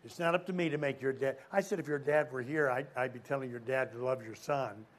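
A man preaching a sermon to young people, telling a story and asking the crowd questions, swinging from loud emphasis to quiet. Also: mid-range voice, a little fast.

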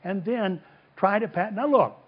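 Emphatic preacher, lo-fi sound. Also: male voice, sits high, expressive, unhurried, husky. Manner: emphatic, asks the congregation questions and answers. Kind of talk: sermon. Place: church service before a congregation. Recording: dull lo-fi sound.

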